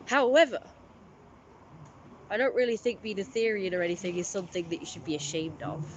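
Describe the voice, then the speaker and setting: Streamer host, mid-pitched, chatty and rambling, restarts a lot, faint hiss behind. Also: fast talker. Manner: rambling, self-correcting, friendly. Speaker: livestream host. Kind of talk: casual livestream chat, reading viewer messages.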